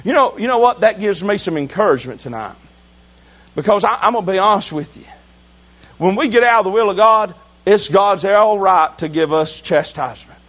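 A man preaching a sermon with emphasis, swinging between loud drawn-out shouts and low asides. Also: lively intonation, highs cut off.

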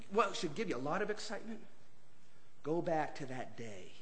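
A male preacher delivering a pleading revival sermon, swinging between hushed, intimate appeals and shouted calls. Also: high voice, big-room sound. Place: church sanctuary.

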